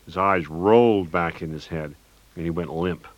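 Deep-voiced man reading a first-person audiobook. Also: fairly even intonation, a little slow, no echo, lo-fi sound. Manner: wry, with bursts of manic dialogue. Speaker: audiobook narrator.

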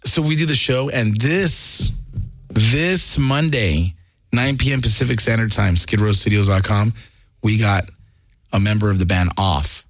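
A man's voice: lowish voice, a little slow, no room sound. Laid-back male podcast host. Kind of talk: casual podcast chat.

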